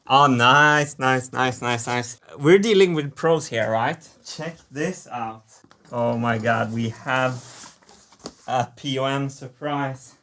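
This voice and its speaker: A man's voice: medium pitch, takes it slowly, a little hiss or hum. Upbeat maker guy talking through his build, laughs a lot. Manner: excitable, laughs often, enthusiastic. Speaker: maker and engineering video creator. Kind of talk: workshop vlog narration.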